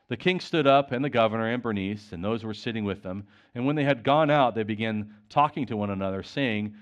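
A man preaching a sermon, retelling conversations and reading scripture aloud in an animated way. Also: lowish voice, a little fast, few pauses, lo-fi sound.

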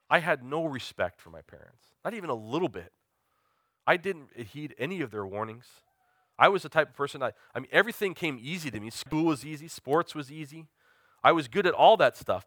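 Guy preaching a sermon, earnest and confessional, keeps asking the crowd questions, sharp bright tone. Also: on the low side, dry recording, clean studio sound. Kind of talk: sermon with personal testimony.

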